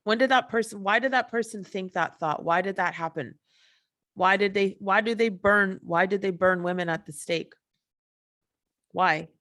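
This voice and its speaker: An impassioned woman hosting her own show talks alone at length. She swears often, trips over her words, and keeps circling back to heartfelt rhetorical questions. Her voice sits at a middle pitch for a woman. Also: moderate pace, a bit bright. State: emotional. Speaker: podcast host. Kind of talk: emotional solo monologue.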